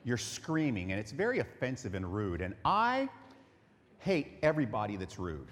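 Joking preacher in an echoey hall. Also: male voice, fairly low pitch, wildly swooping pitch, normal speed. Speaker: pastor. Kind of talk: sermon.

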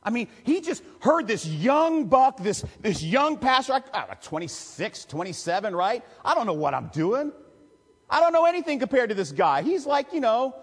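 A man, a pastor telling a personal story in a sermon with emotional, confessional warmth. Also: very high voice, big pitch swings, moderate pace, husky. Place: church sanctuary. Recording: long reverb of a church hall.

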